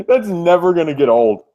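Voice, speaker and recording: Woman co-host, playful and teasing, lively pitch movement. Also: unhurried, highs cut off. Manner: teasing, laughing. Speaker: podcast co-host. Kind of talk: casual comic-book discussion.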